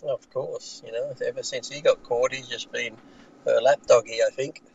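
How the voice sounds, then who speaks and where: A man's voice: mid-range voice, steady tone, moderate pace, vocal fry, darkish tone, breathy edge, muffled recording. An Australian man talking in a blunt, casual chat, swearing freely and laughing often, recording from inside a car. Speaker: podcast co-host.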